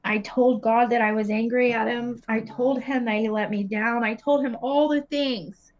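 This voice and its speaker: A woman's voice: a little high, fairly even intonation, normal speed, few pauses, dull audio. A woman spiritual coach giving an earnest, intense, confessional teaching monologue, blunt and unafraid to swear.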